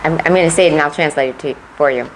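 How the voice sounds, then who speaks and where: A female political candidate answers interview questions earnestly, repeating words as she builds her argument. Her voice is deep and soft, lacking volume, and she races along over a noisy background.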